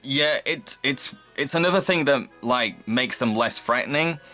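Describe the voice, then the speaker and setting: A man's voice: medium pitch, measured pace, sharp tone, faint music behind. A man casually reviewing a movie, laughing often and rambling through his thoughts. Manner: giggly, rambling. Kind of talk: casual chat.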